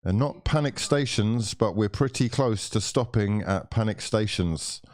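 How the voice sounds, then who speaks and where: A man's voice: lowish voice, a little slow, a little mellow. A young man hosting a live football watchalong, exasperated and swearing constantly as he rants at players and referees. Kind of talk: live match watchalong commentary.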